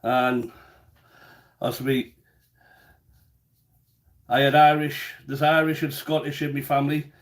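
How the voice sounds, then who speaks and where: A man's voice: mid-range voice, fairly even intonation, measured pace, long pauses. A man chatting casually in his home kitchen during a live cooking stream, rambling and often repeating words as he goes.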